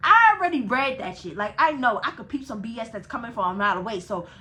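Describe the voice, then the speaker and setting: A young woman vlogger telling a casual storytime, animated and profane, laughing between phrases. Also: fairly high pitch, quick pace, low-quality recording.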